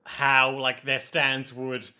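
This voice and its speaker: Bright-voiced joking man co-host. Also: medium pitch, completely flat delivery, takes it slowly. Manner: jokey, laughs often, playful recapping. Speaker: podcast co-host. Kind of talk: casual chat recapping an anime episode.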